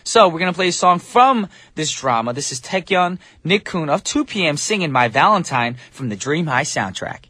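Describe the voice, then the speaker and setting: A man's voice: a little high, sing-song, moderate pace, hardly any pauses, bright, forceful tone, slightly rough, no room sound. Chatty male radio DJ, dry studio. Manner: chatty, joking, self-deprecating asides. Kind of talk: casual radio hosting. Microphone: studio microphone.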